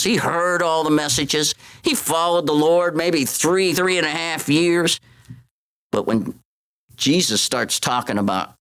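Animated male preacher. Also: medium pitch. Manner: animated, acts out voices of Bible figures in quotes. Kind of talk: sermon.

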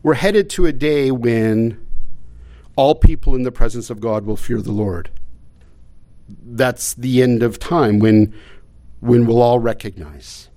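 A man's voice: mid-range voice, slow pace, pauses often, warm tone. A man preaching a sermon, often stumbling into repeated words and asking his listeners rhetorical questions. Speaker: pastor.

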